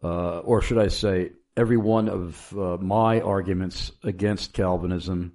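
A man with a very low, dark voice tells his faith story in a slow, unhurried way. He speaks earnestly, often pausing on fillers and starting sentences over as he recalls events. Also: fairly even intonation. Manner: halting, many fillers and restarts, earnest. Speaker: guest telling his testimony. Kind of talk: casual spoken testimony.

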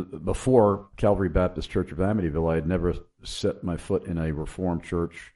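A man with a very low, dark voice tells his faith story in a slow, unhurried way. He speaks earnestly, often pausing on fillers and starting sentences over as he recalls events. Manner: halting, many fillers and restarts, earnest. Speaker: guest telling his testimony. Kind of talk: casual spoken testimony.

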